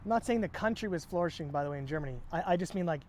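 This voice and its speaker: A man in casual chat, talking in a thoughtful, halting way. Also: fairly high pitch, animated, darkish tone, slight background noise. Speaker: stream co-host.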